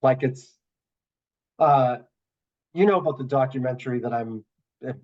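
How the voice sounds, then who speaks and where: A comedian from the Boston area tells rambling stories in a casual podcast chat, swearing freely and acting out the people he quotes. His voice sits at an ordinary pitch for a man. The recording sounds a little dull and lo-fi. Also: moderate pace. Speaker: comedian guest.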